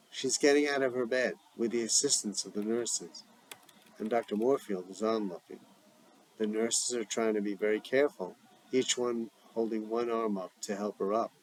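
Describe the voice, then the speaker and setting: Man reading a script aloud with stage directions; plain, deliberate, even. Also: lowish voice, a little hiss or hum, rough recording. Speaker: script reader.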